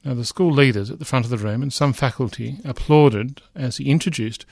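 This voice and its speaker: A man's voice: medium pitch, brisk, vocal fry, a little mellow, no echo, clean studio sound. A middle-aged man lecturing, reading a news report aloud with frequent asides, fillers and restarts.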